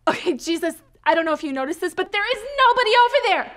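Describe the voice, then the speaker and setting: A woman playing a nervous, giggly woman in a comic church skit, incredulous and very high-pitched with a lively voice. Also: rapid-fire.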